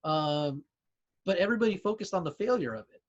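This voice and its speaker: This co-host's voice is high-pitched, animated, and quick, and the podcast audio is lo-fi. In casual chat he hesitates a lot, restarting sentences and dropping "you know"s and other fillers while explaining things through examples.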